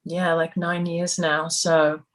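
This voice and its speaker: A woman's voice: on the low side, level tone, slow pace, poor audio. A young adult woman with an Australian accent tinged by London, chatting casually as a guest in an interview and rambling a little. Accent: Australian, with some London influence. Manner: rambling, chatty, laughs often. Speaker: guest musician.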